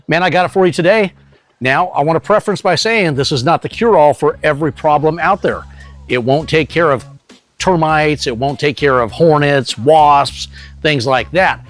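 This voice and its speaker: A man hosting a pest control channel, giving an energetic, salesy product demonstration straight to the viewer. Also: fairly high pitch, normal speed, soft background music. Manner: energetic, salesy, direct to camera.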